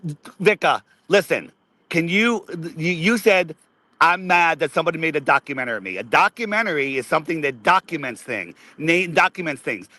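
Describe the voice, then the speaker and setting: A man's voice: a little high, pushed and bright. Angry swearing man arguing. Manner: angry, swearing, repeats words when cut off. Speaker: guest. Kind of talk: heated argument.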